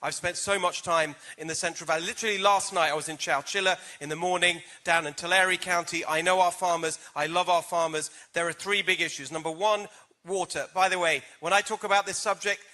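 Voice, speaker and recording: A man's voice: high-pitched, steady tone, a little fast, sharp tone. A man with a British accent answering a debate question as a political candidate, with emphatic stump-speech delivery.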